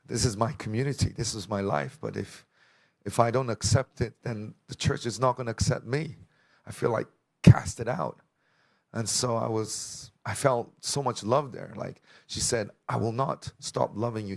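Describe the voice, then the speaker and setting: A man's voice: on the low side, vocal fry. A young man giving a personal testimony to a church congregation, telling his story with emotion and acting out the dialogue.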